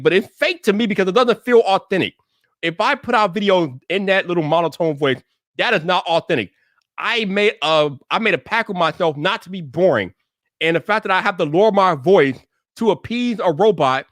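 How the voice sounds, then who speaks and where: A man hosting his own livestream, talking to viewers in an animated, emphatic way and repeating words when he gets worked up. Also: a little high, dry recording, clean studio sound. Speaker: livestream host. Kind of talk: livestream rant.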